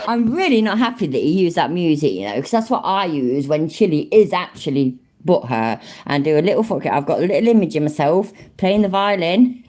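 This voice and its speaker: A woman's voice: low voice, mellow. A British woman hosting a reaction video, commenting casually in a sweary, sarcastic way and laughing often.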